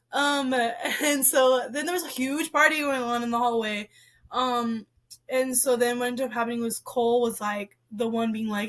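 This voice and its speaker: A young woman with a high, bright-sounding voice talks through a book in a loose, casual way. She rambles, leaning on "like" and "um" constantly, and gets expressive when something bothers her. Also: moderate pace. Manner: rambling, heavy use of "like" and "um". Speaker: book reviewer. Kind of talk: casual book review chat.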